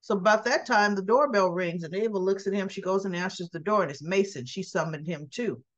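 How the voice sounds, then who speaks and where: A woman's voice: mid-range voice, fairly quick, lo-fi sound. A woman chatting casually as she recaps soap opera scenes, retelling dialogue and tossing in her own asides.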